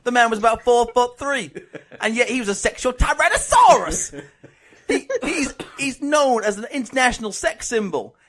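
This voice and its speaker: A man's voice: high-pitched, flat delivery, moderate pace, hardly any pauses, bright, forceful tone. A man putting on a mock Southern American accent while rambling through a joke argument. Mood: joking.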